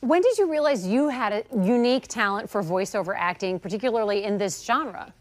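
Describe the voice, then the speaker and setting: A woman's voice: mid-range voice, animated, brisk, no echo. A woman hosting a TV interview, upbeat and conversational. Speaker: TV interview host.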